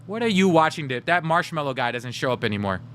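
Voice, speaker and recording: A man's voice: a little high, big pitch swings, fast talker, a bit bright, slight background noise. A man livestreaming, chatting casually with his viewers, addressing the chat directly and laughing often.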